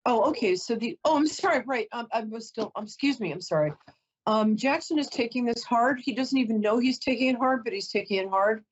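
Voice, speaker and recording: A woman's voice: a little high, brisk, husky, dull audio. A woman psychic host doing a reading for a caller, chatty, emotional and apologetic, often close to tears.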